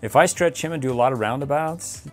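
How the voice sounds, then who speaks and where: A man's voice: medium pitch, fast, loud music behind the voice. A man casually reviewing and unboxing toys, playful and chatty, laughing often. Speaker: toy reviewer.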